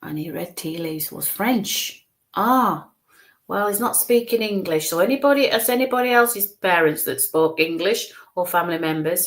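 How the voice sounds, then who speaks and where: A woman giving live psychic mediumship readings, reassuring viewers and softly coaxing spirits to come closer. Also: lowish voice, animated, normal speed. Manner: reassuring, repeats "bless you" and "okay", coaxing spirits closer.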